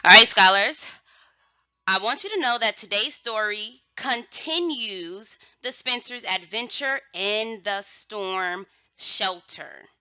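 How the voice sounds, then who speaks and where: Woman teacher for a children's phonics lesson, slow and deliberate, bright tone, dry slightly dull recording. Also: medium pitch, animated, no room sound. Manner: slow, emphatic, drawn-out enunciation with sudden loud word calls.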